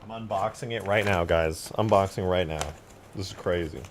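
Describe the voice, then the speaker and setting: Chatty low-voiced male streamer. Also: moderate pace, slight background noise. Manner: excitable, chatty, talks while eating. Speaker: livestreamer reacting to game mod videos. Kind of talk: casual live-stream chat.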